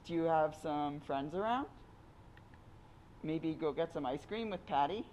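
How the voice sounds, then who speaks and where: A reader voicing a worried mother who gently reassures her child over the phone, read aloud from a memoir. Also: mid-range voice, animated, measured pace, slight background noise, natural voice. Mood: reassuring.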